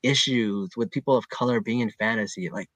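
A man hosting a podcast in relaxed casual chat, talking loosely with plenty of "like" and "man". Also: lowish voice, a little fast, dry recording. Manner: easygoing, filler-heavy talk with many "like" and "man". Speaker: podcast host.

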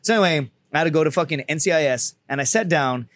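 A former Marine sniper telling rambling, profane war stories in casual chat, full of restarts. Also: male voice, fairly high pitch, fast talker, fairly bright tone. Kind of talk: casual storytelling.

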